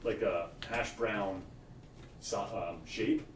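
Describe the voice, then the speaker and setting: A man's voice: lowish voice, fairly even intonation, slow pace. A man, chatting casually and emphatically. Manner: emphatic, enthusiastic about food. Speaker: puzzle livestream co-host. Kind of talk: casual chat. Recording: echoey room, mic far off, noisy.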